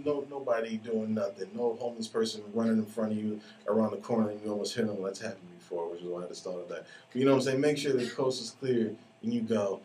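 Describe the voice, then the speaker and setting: Deep voiced guy in his 30s ranting and cussing on his podcast, kinda far from the mic, faint hiss behind. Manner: profane, ranting, animated storytelling. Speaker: podcast host. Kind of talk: casual podcast monologue. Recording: distant mic with faint background noise.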